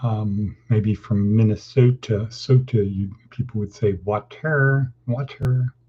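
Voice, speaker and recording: A man's voice: lowish voice, fairly even intonation, unhurried, slightly rough. A man from California hosting a casual morning motivational talk, rambling and folksy as he jumps from topic to topic. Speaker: host of a daily motivational session. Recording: dull lo-fi sound.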